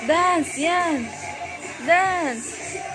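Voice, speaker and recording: A woman's voice: very high-pitched, very slow, low-quality recording. A woman, coaxing and playfully baby-talking to a little child in a home video. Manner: sing-song baby talk, coaxing and playful. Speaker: mother or caregiver filming a baby. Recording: home video with loud background music.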